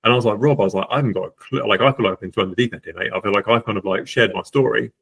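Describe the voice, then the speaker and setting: A man's voice: on the low side, rapid-fire, creaky, a bit bright, breathy edge. A man, a guest on a podcast, telling his own story candidly, with lots of fillers and restarts. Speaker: podcast guest, estate agent.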